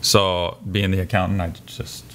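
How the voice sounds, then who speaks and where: A man's voice: deep voice, little pitch movement, normal speed, a bit bright, a little hiss or hum. A man co-hosting a podcast, chatting casually and prompting his co-host with questions. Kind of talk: casual chat.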